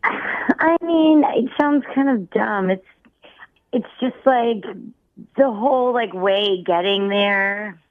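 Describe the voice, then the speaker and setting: A woman's voice: mid-range voice, takes it slowly, no echo. A woman on the phone with a radio show, speaking hesitantly with many fillers. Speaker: caller on phone. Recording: tinny phone line.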